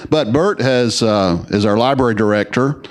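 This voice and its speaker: A man presenting service awards at a city council meeting, speaking unhurriedly with frequent fillers. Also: medium pitch. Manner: unhurried, halting with many fillers. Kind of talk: formal ceremony remarks with casual asides. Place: council chamber.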